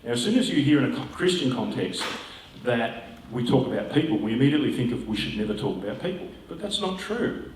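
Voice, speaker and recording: A man's voice: medium pitch, big pitch swings, brisk, a little hiss or hum. A man, a pastor giving a conversational talk with musing asides. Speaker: pastor and guest speaker. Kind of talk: informal talk to an audience. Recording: roomy hall, distant mic.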